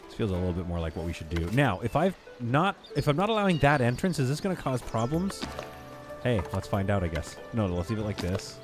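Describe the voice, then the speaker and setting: A man's voice: mid-range voice, big pitch swings, brisk, music in the background. Rambling male streamer thinking aloud. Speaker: gaming streamer. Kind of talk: casual live game commentary.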